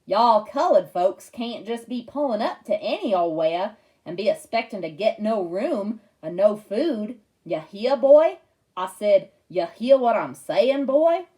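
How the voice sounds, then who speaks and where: A woman voicing a father who puts on a loud, teasing Southern hillbilly drawl for a storybook reading. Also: mid-range voice, lively intonation, a little slow, natural voice. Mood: mocking. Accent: American Southern, put on. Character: Southern drawling man mocking bigots, a father's joke.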